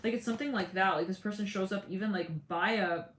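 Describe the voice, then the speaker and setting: This tarot reader talks fast in a medium-pitched, slightly bright voice, rambling casually, laughing often and acting out quoted people. Slight background noise sits under an echoey room with faint ambience.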